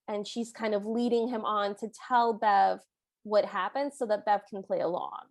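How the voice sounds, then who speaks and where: A woman co-hosting a podcast, retelling a movie in animated casual chat and briefly acting out what the characters say. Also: medium pitch, normal speed, no echo. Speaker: podcast co-host.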